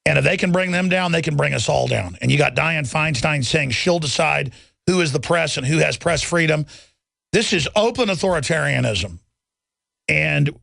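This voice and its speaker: Gravelly, combative radio talk host. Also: male voice, a little high, a bit bright, no room sound. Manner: combative, mocking, swerves into sneering impressions of critics. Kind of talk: rambling political radio monologue. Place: radio studio.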